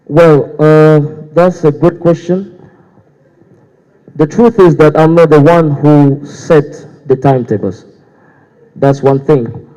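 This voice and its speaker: Hesitant young man with a dark voice. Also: a little high, slow, long pauses. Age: young adult. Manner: hesitant, many fillers and restarts. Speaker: student guild candidate. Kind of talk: debate answer. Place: university hall. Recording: dull echoey hall sound.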